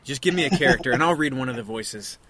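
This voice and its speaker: A man's voice: mid-range voice, expressive, fast, crowd noise. A man hosting a podcast, teasing his co-hosts in a playful, casual chat. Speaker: podcast host.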